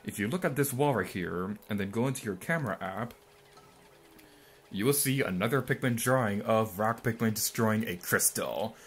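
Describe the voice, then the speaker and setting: A man's voice: lowish voice, moderate pace, a little hiss or hum. A young man giving rambling, mildly sarcastic let's-play commentary, full of ums and asides. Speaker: gameplay commentator.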